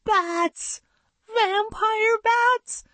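A woman doing a jittery, high-voiced boy. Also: huge pitch swings, slow, no echo, full character voice. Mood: panicked. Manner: breathless, panicky exclamations. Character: excitable young boy, jittery sidekick.

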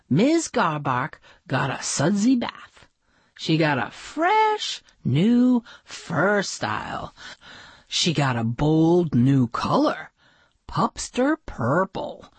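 Slow, breathy woman reading a picture book. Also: low voice, no room sound. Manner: gentle, expressive storytelling. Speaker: narrator.

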